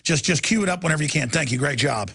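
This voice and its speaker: A man's voice: on the high side, expressive, fast talker, creaky, fairly bright tone, a little hiss or hum. A man hosting a talk show, delivering an angry, impassioned rant in a heated, emphatic way.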